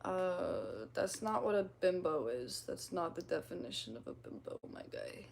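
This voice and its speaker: A woman's voice: on the low side, very animated, normal speed, gravelly, darkish tone, slight background noise. A woman in her twenties chatting casually on a livestream, reading out comments in a rambling, self-mocking way and laughing often. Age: 20s.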